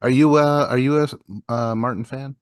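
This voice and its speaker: A laid-back co-host of a casual movie podcast laughs often and swears casually as he chats about films. He has a smooth, mid-range voice with fairly even intonation at a normal speed. The recording is dry, with clean studio sound.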